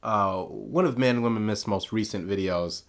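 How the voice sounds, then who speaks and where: A man's voice: lowish voice, moderate pace, vocal fry. A man delivering a scripted political commentary monologue, sarcastic and scornful, punching key words with rising emphasis.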